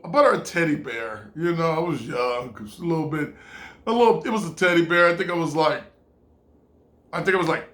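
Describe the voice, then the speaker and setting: A man's voice: a little high, fairly bright tone. A man in his twenties telling a casual personal anecdote, rambling, full of "like" and laughing often. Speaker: storyteller.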